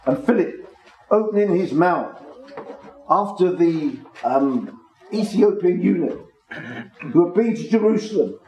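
Male preacher, measured Bible teaching, mellow tone, echoey room. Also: high voice, animated, a little hiss or hum. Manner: measured, explanatory, stresses key words. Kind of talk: Bible teaching to a small congregation. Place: room with a small gathering.

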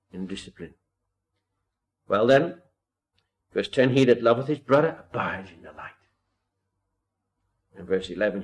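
Earnest man preaching a Bible sermon. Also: fairly low pitch. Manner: quotes old-style scripture and builds to emphatic rises; earnest, with rhetorical questions.

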